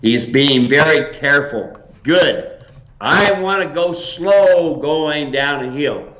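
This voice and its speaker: A man's voice: fairly high pitch, animated, slow pace, a bit bright, highs cut off. An older man and mule ranch owner giving folksy, emphatic advice in a casual chat.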